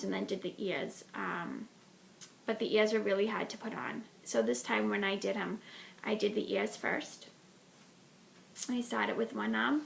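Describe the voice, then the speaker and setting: A woman's voice: medium pitch, gravelly, a bit bright, slight background noise. A woman hosting a knitting podcast, chatting casually about a project with lots of ums and restarts.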